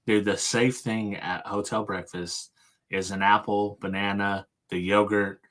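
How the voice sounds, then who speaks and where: A man's voice: on the low side, little pitch movement, measured pace, a bit bright. A man co-hosting a podcast in casual chat, laid-back and saying "dude" and "yeah" a lot. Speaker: podcast co-host.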